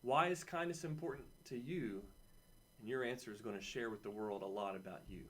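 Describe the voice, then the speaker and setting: A man's voice: fairly low pitch, a little fast, fairly bright tone, husky. Man giving an upbeat kids' lesson. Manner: conversational and encouraging, repeats key phrases; playful asides and personal stories. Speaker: camp teacher. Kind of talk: weekly video lesson for children.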